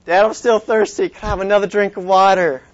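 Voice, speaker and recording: A man's voice: fairly even intonation, fast, lo-fi sound, lightly acted. A man voicing a small boy who keeps pleading for one more drink of water at bedtime, in a raised, pleading tone. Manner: whiny, pleading, high and raised.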